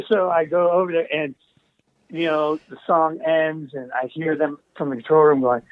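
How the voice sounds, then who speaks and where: A man's voice: fairly high pitch, fairly even intonation, unhurried, no echo. A man tells stories in an easygoing, roundabout way, drifting into asides and restarting his sentences. His voice comes through a thin, phone-like call line. The sound is close and dry, with no room around it. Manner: meandering, full of asides and trailing restarts. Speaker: guest, recording engineer. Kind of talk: casual anecdotal storytelling.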